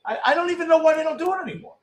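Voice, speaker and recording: This middle-aged postgame host has a very high voice and talks very fast. Casual toward his audience, he gets blunt and worked up over the live game, swearing freely.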